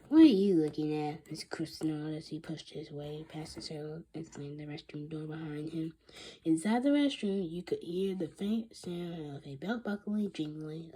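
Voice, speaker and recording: Reading a kids' book out loud, soft husky woman's voice, keeps tripping on words. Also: sits low. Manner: halting, with frequent restarts. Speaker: reader. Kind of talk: reading a children's book aloud.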